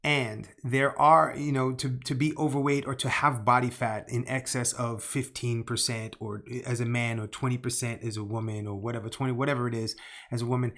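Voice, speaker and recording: A man's voice: medium pitch, flat delivery, fairly quick, fairly bright tone. Riled-up male podcast co-host. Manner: heated, stumbling restarts, swears when riled up. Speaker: healthcare professional. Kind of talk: casual podcast discussion.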